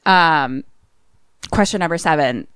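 A low-pitched woman with a smooth, resonant voice, animatedly retelling a film in casual podcast chat. The sound is dry and close, with no room echo. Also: unhurried. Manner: animated retelling, acting out characters' lines.

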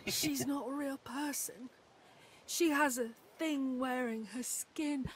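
A woman's voice: sits high, slow, slightly rough, exaggerated voice. A woman voicing a frightened little boy in a video game, anxious and pleading. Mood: fearful.

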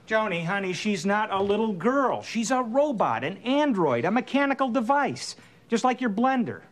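A man's voice: sits high, big pitch swings, moderate pace. A man playing a flustered middle-aged sitcom father who stammers and sounds exasperated. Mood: fretful. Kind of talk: 1980s sitcom acting. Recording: hissy old TV recording.

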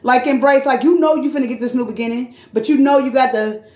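A high-pitched woman runs a loose, chatty tarot reading, cursing freely and calling her listener queen and sis. Her voice echoes around the room as she talks. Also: fast talker, warm tone. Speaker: tarot card reader. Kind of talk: casual live tarot reading.

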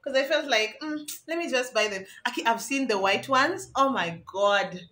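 Young woman, casual home vlogger, bright voice pitched a little high, chatty and self-mocking. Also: lively intonation, moderate pace. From Kenya. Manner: chatty, laughs at herself. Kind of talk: casual vlog chat.

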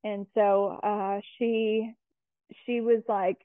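A woman talks as a guest in a relaxed interview, rambling a little with plenty of fillers and restarts. Her voice comes through a thin, phone-like line with no room echo, and her pitch is average. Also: very slow. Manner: chatty, lots of fillers and restarts. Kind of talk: casual conversational interview.

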